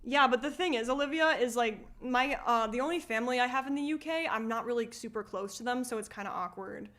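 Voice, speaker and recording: A woman's voice: fairly high pitch, fast talker, a bit bright. A woman streaming live, chatting casually as she reacts to a video and reads viewer comments, often laughing and asking questions.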